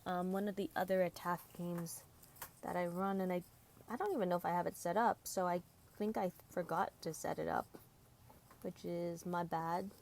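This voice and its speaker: A woman's voice: lowish voice, steady tone, moderate pace, gravelly, a little mellow, a little hiss or hum. A tired woman streaming a mobile game at home, chatting casually and rambling about her team. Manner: rambling, chatty, self-deprecating. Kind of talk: casual gameplay commentary.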